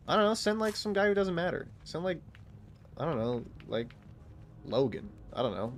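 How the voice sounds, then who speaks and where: A man with a slightly high, sing-song voice talks briskly over a faint hiss or hum. He's live-streaming a game and chatting casually with viewers, rambling and cutting himself off, laughing often and swearing freely.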